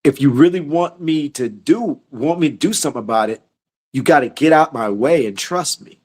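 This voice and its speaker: Male teacher, fairly high voice, relaxed sermon delivery, conversational and slangy. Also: normal speed. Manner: conversational and slangy, often repeating words. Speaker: teacher leading a scripture study. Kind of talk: casual sermon on a livestream.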